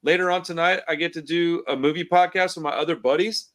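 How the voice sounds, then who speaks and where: Laid-back, profane fortysomething man, higher voice. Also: fairly even intonation, fast talker, fairly bright tone. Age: 40s. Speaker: podcast host. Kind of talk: casual podcast chat. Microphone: computer call mic.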